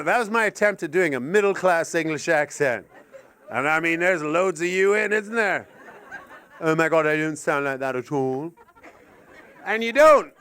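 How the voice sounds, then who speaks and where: A Canadian man performing stand-up comedy on stage, animated and swearing, slipping into silly voices. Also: sits high, clean tone.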